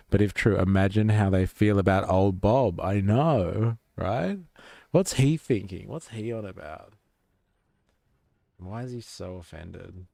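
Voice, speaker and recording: Male streamer, low gravelly voice, dry close sound, loose and sweary while gaming. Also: unhurried, darkish tone, no echo. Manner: offhand, swears, reacts to chat. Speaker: live streamer. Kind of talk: casual live-stream chat while gaming.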